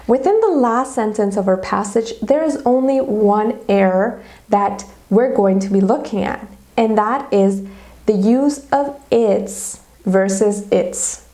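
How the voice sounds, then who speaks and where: A woman's voice: mid-range voice, slow, dark tone. A woman teacher giving a grammar lesson video, explaining methodically step by step with examples.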